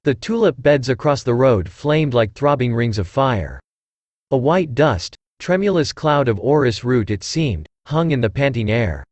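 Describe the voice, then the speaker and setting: A synthesized male voice narrating an audiobook in a measured reading style. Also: medium pitch, expressive, a little mellow, no room sound, muffled recording.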